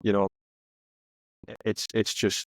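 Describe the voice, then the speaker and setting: A man's voice: on the low side, completely flat delivery, slow pace, no room sound. Chatty Geordie man, dry close mic. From northeast England. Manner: chatty banter, heavy local slang. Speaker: podcast guest, soccer captain. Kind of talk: casual chat.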